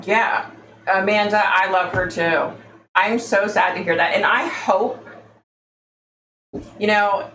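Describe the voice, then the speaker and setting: A woman's voice: on the low side, a bit bright. A woman hosting a casual psychic livestream, chatty and exasperated, calling her listeners y'all. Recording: echoey room, faint background noise.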